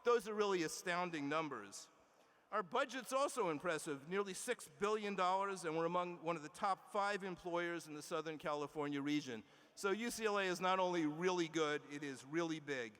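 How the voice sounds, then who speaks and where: A man delivering a formal commencement address from a podium in a large indoor arena, measured and emphatic, with small restarts and asides. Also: high-pitched, fairly bright tone, clean tone. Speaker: university leader giving commencement address. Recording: long arena reverb.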